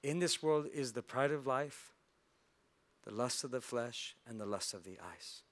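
A man's voice: mid-range voice, lively intonation, measured pace. A male pastor giving a sermon in a church, telling a story and acting out its characters' lines. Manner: storytelling with acted-out voices.

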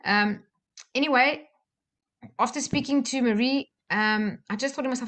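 A woman's voice: high-pitched, normal speed, a bit bright. A woman, a life coach speaking live from her home office and telling a personal story with plenty of fillers. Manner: chatty storytelling with many fillers. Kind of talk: live-streamed talk to viewers.

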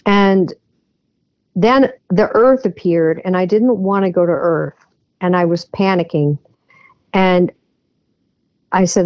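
A woman appears as a guest on an interview podcast, earnestly recounting a personal experience and often stopping on filler words. Her voice is lowish with a darkish tone, in a dry recording.

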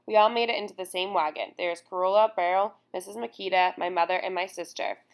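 Solemn, measured woman narrating. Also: fairly low pitch, steady tone, creaky. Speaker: audiobook narrator. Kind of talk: first-person memoir narration.

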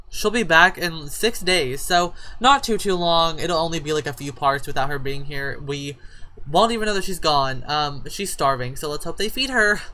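A woman's voice: low-pitched, bright, forceful tone. A woman giving casual gameplay commentary, chatting and scolding her game characters like a parent. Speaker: gaming YouTuber. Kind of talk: casual life-sim let's play commentary.

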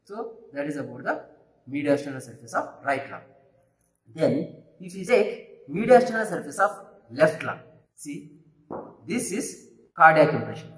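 A man's voice: a little high, very animated, a little slow, a bit bright. A man teaching anatomy, repeating terms and checking in with students. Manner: repetitive teacherly, checks with "Right?" and "Clear?". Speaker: anatomy lecturer. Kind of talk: classroom anatomy demonstration. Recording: echoey room.

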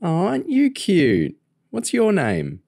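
A cheerful ten-year-old girl speaks softly and affectionately to the people around her, as a man reading the story puts her on. Her lines are gentle and loving. The sound is dry and close, with no room around it. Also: high-pitched, huge pitch swings, slow pace, gravelly, dry recording, pitched above the performer's own voice, full character voice. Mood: cooing.

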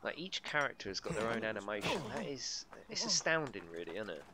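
A man's voice: on the low side, big pitch swings, fast, bright, forceful tone, a little hiss or hum. A man chatting casually as he streams a video game, swearing freely and laughing often. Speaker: gaming livestreamer. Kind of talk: casual live gameplay commentary.

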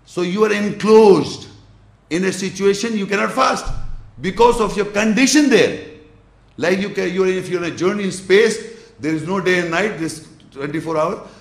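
Man giving a slow, probing religious lecture. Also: high voice, vocal fry, roomy sound. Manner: explains slowly with gestures, checks the audience's understanding. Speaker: Islamic lecturer.

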